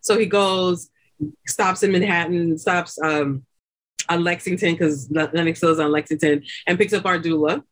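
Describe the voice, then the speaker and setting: A woman guest on a podcast, telling her own story in a chatty, laughing way and acting out the people she quotes with loud, high bursts. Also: fairly even intonation, moderate pace. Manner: chatty, laughing often, many fillers like "like" and "you know". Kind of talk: animated birth story told in casual chat.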